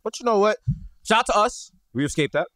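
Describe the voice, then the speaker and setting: New york guy riffing on his podcast, kinda high voice, dry sound. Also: lively intonation, brisk, fairly bright tone, no echo. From the Bronx, New York. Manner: joking, riffing, slangy. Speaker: podcast co-host. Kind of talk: casual comedic chat. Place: home.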